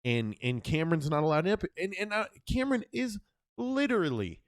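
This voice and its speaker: A young man co-hosting a casual podcast, telling a story in a profane, animated way. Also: fairly high pitch, fairly quick, dry recording, studio quality. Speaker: podcast co-host.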